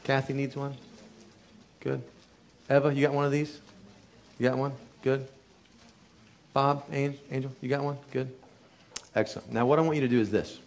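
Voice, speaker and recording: A middle-aged man, a chiropractor, telling an emotional patient story to a live audience in an earnest, emphatic way that often drops to a hushed tone. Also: medium pitch, steady tone, normal speed, vocal fry, pauses often, slight background noise. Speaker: chiropractor giving a talk.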